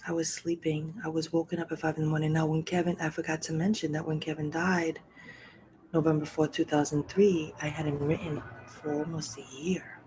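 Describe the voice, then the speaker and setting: A middle-aged woman hosting a podcast, telling a personal story candidly and emotionally, often sinking to a soft, breathy near-whisper. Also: low-pitched, level tone, a little fast, a little hiss or hum, rough recording. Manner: repeats phrases for emphasis, swears freely. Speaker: podcast host.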